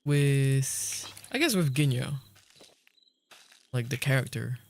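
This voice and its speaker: A man's voice: mid-range voice, expressive, takes it slowly, slight background noise. A young man streaming a game, chatting casually with his viewers, rambling and laughing often. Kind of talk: casual livestream chat while gaming. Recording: faint background music.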